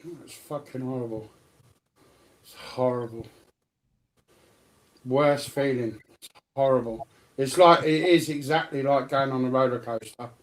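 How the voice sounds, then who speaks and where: A man co-hosting a casual late-night chat, swearing freely and telling stories in an animated way. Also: mid-range voice, unhurried, pauses often. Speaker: co-host of a live stream.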